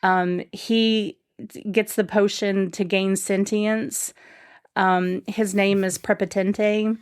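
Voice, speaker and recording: A woman's voice: mid-range voice, flat delivery, slow pace, smooth. A woman guest on a podcast, chatting casually and enthusiastically, rambling with lots of fillers and restarts.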